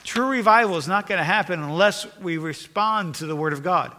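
A man's voice: high voice, fairly quick, sharp tone, big-room sound. A man preaching a sermon as pastor, earnest and repeating phrases for emphasis, in a church sanctuary.

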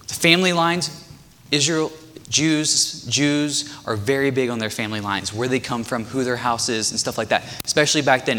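A man preaching a sermon, animated as he retells a story and acts out the quotes. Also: mid-range voice, normal speed, long reverb tail.

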